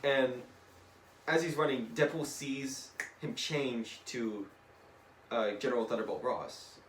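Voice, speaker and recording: A young man casually retelling a comic story to a friend in an animated way, slipping into voices and swearing now and then. He is recorded from a distance in an echoey room. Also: mid-range voice, a little slow. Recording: echoey room, distant mic, faint noise.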